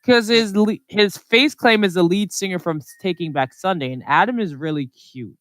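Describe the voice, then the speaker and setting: Co-host, casual podcast chat, smooth clear voice, dry close sound, rambly with lots of "like" and "um". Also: medium pitch, moderate pace, fairly bright tone, no room sound. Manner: rambling, filler-heavy storytelling.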